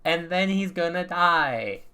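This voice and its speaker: A man casually chatting and recapping a tabletop game session in an animated, rambling way. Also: on the high side, takes it slowly, a little hiss or hum.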